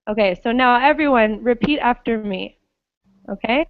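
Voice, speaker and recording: A woman with a fairly high voice teaches an online English pronunciation class, speaking slowly and patiently and often checking that her students follow along. The recording has no echo and sounds phone-quality.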